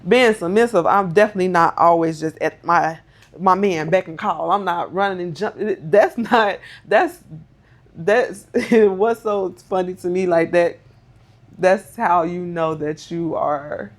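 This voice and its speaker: A woman's voice: on the low side, a little slow. A woman co-hosting a podcast, speaking reflectively in casual conversation. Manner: reflective, conversational, supportive listener. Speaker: podcast co-host.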